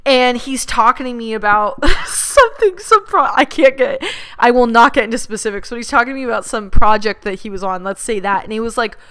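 A woman's voice: fairly high pitch, lively intonation, a little fast, a bit bright, clean tone. A young woman casually telling a personal story, chatty, with lots of "like" and laughter. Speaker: podcast host.

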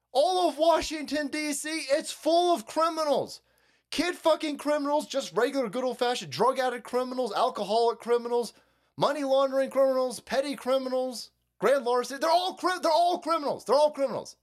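A livestream host ranting about politics, reading out viewer comments and mocking them with heavy profanity. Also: high voice. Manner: reads and mocks viewer comments.

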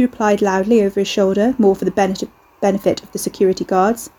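A woman reading a novel aloud in steady scripted narration. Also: medium pitch, quick pace, rough recording. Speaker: audiobook narrator.

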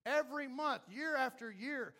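A man preaching a sermon as pastor, acting out the voices of doubters and of God, swinging from loud to hushed. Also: extremely high pitch, moderate pace.

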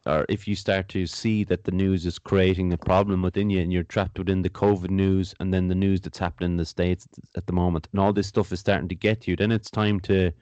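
A man in casual podcast chat, speaking in a reflective, measured way and repeating words as he thinks things through. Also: deep voice, little pitch movement, a little mellow, dry recording, dull audio.

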